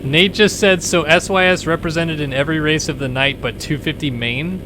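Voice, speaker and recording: A man hosting and calling an online motocross race stream, jokey and casual, getting excited at the start. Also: fairly high pitch, normal speed, background noise. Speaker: race commentator and stream host. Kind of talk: casual play-by-play commentary.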